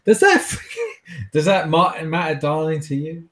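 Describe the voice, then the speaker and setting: A man's voice: on the high side, flat delivery, normal speed, a bit bright, close to an everyday voice. A man putting on a brash, mocking vampire driver. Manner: mocking, flippant, calls people darling. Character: brash reckless male vampire getaway driver.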